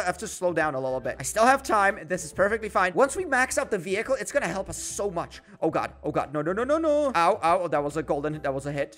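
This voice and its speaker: A young man giving jokey, excitable gameplay commentary with dramatic outbursts. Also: a little high. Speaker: gaming YouTuber. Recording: faint music behind.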